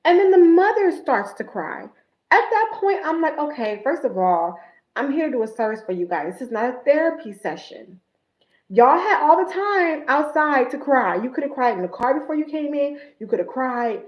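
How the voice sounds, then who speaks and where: A woman, an esthetician, chatting on a casual livestream and telling stories in a blunt, animated way. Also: high-pitched, normal speed, roomy sound, low-quality recording.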